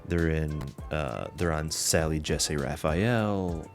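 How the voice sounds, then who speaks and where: A man's voice: a bass voice, slow, faint music behind. A man hosting a podcast, telling a long story in a loose, rambling way with lots of fillers and swearing. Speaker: podcast host. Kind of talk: casual chat.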